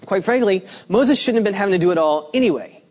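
A man giving a guest sermon in a relaxed, conversational way, with fillers and restarts. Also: high-pitched, fast, muffled recording. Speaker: guest preacher. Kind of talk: sermon with a joke opener.

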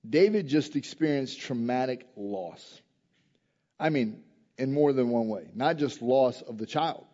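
A man preaching a sermon, moving between quiet reflective passages and loud, emphatic rises, often asking his listeners direct questions. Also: medium pitch, expressive, measured pace, lo-fi sound.

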